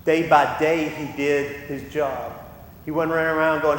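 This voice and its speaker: Impassioned preacher in an echoey hall. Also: male voice, fairly even intonation, a little slow. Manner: impassioned, acts out quoted voices. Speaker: pastor. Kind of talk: sermon. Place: church sanctuary. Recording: echoey church hall with rumble.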